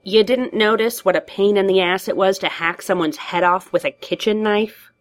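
A woman's voice: mid-range voice, moderate pace, close to an everyday voice. A woman voicing a sly, theatrical male villain with a drawling, sardonic manner.

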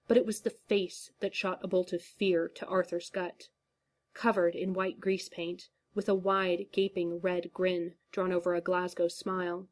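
A woman reading a fan fiction story aloud in a steady, measured narration. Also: fairly low pitch. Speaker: story reader.

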